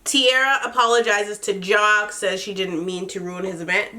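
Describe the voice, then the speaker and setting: A young adult woman hosting a casual comedic recap, sassy and animated, laughing often between lines. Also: medium pitch. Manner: laughs often, sassy and animated, does quick mock voices. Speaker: podcast host recapping a reality show.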